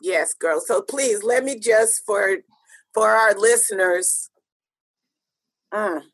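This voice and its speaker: A woman's voice: medium pitch, very animated, slow, creaky, slightly rough. An American woman co-hosting a podcast, talking in an impassioned, emphatic way and repeating phrases for stress. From United States. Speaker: podcast co-host. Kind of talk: casual podcast chat.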